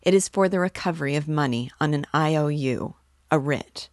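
A hurried male clerk rattles off the rules in a matter-of-fact way, voiced by a woman reading aloud. Her voice sits low. The sound is dry and close. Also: no echo, natural voice. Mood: businesslike. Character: brisk male office clerk, businesslike.

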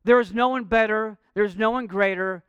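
A man with a high, smooth, resonant voice delivers a sermon, talking earnestly and directly to his listeners. The sound is dry and close, with no room echo. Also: a little fast, a bit bright, lo-fi sound. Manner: earnest and direct, jokes with the congregation. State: out of breath. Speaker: pastor.

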